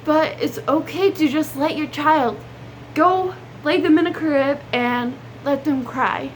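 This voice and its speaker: A young woman with a drawl talks to her viewers in a casual, earnest advice vlog. Her voice sits high and bright in pitch. A faint hum of room noise runs underneath. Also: slow pace. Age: young adult. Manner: chatty, earnest, drawling with y'all. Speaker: vlogger.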